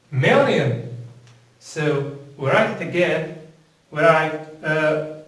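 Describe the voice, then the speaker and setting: A man teaching English, explaining slowly and deliberately, repeating words and quizzing the viewer. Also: on the high side, recorded from a distance. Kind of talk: slow, deliberate classroom explanation. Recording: very echoey room, off-mic.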